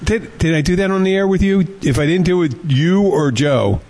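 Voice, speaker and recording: A man's voice: fairly high pitch, brisk, a little mellow. A man hosting a radio show, bantering casually, swearing and telling jokes with little voices for the characters. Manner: swears freely, laughs often.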